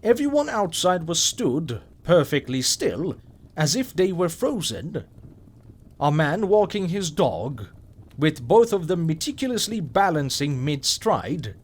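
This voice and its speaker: A man reads a horror story aloud in a slow, unhurried way. His voice sits fairly high and moves a lot in pitch. A husky, breathy grain runs through every line. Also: big pitch swings. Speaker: story narrator. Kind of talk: scripted horror story narration.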